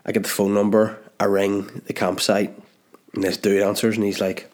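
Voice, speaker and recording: A man's voice: fairly low pitch, completely flat delivery, moderate pace, a little mellow. A man with a Belfast-area Northern Irish accent, telling a rambling, self-mocking comic story on his podcast while congested with a blocked nose. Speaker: podcast host. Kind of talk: comedic storytelling.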